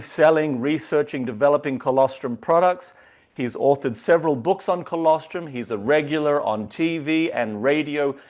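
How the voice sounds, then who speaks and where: A man hosting a company video call, hyping the guest with excitable introductions. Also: on the high side. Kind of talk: enthusiastic online meeting hosting.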